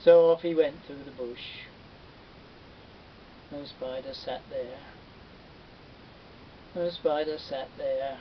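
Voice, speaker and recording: A man telling a folktale with lively, animated narration. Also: takes it slowly, long pauses. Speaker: storyteller. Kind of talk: folktale storytelling. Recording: dull distant recording with faint rumble.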